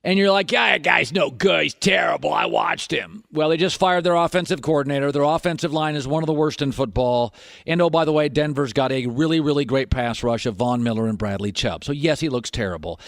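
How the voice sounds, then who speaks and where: Emphatic sports radio host, dry studio sound. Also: male voice, fairly high pitch, quick pace, no room sound. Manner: emphatic, argumentative, sarcastic asides. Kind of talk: opinionated sports talk. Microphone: studio microphone.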